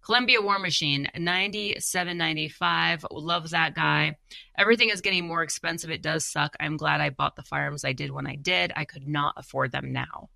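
Gravelly bright-voiced woman podcaster. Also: deep voice, brisk, no echo. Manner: chatty, self-deprecating, laughs often. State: tired. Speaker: podcast co-host. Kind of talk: casual chat reading viewer comments.

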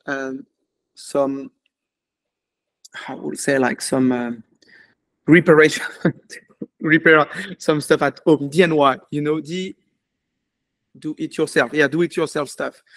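A man's voice: fairly high pitch, takes it slowly, long pauses. A man with a French accent, a native French speaker, telling his life story in a casual, rambling interview full of fillers. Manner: animated, rambling, many fillers. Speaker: commercial filmmaker.

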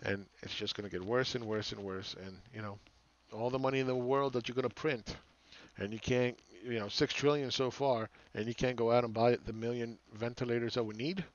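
A man's voice: mid-range voice, steady tone, a little fast, hardly any pauses, no echo, lo-fi sound. A man hosting a market commentary channel, ranting sarcastically with exasperation and repeating phrases for emphasis. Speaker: market analyst host.

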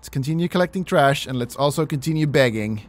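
A man's voice: a little high, expressive, fast talker. A man hosting a let's play, commenting with jokes, mock-pleading and casual swearing. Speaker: gaming channel host.

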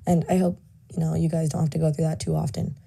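A woman's voice: sits low, flat delivery, fast talker, creaky, mellow, husky. A nineteen-year-old woman talking frankly and casually into a voice memo, full of likes and you knows.

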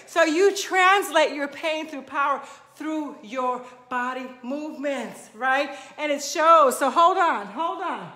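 Fitness coach lady hyping folks up, real bright sharp voice, laughs a lot, kinda echoey room. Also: sits high, slow pace. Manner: energetic, emphatic, laughs often, whoops. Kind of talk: motivational pep talk. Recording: roomy echo.

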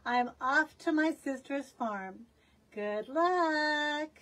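A woman's voice: sits high, very slow, fairly bright tone, voice pushed up, full character voice. A woman voicing a kindly old male rooster who reassures a young one. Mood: reassuring.

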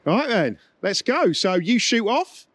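Brisk high-voiced man running a prank. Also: sing-song, fairly bright tone, dry recording. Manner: brisk, directing the team. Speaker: prank show host. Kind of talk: casual planning chat.

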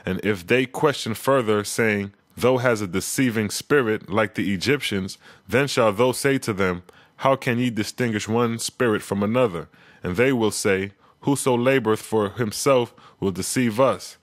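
Man reading scripture with commentary, solemn and measured, low pitch, dry recording. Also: dry recording.

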